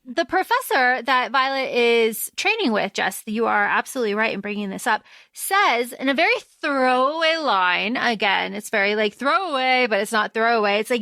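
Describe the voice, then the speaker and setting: Woman, podcast co-host, casual chat, animated, fairly high voice. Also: no room sound. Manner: animated, quick, acts out quotes. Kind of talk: casual book discussion.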